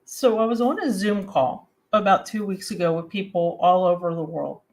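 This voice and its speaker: A woman with an Appalachian accent and a slightly low voice, hosting her own show. She speaks in a friendly, explanatory way and works through examples one at a time. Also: moderate pace, darkish tone. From West Virginia, Appalachia. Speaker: host. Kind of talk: scripted talk to camera.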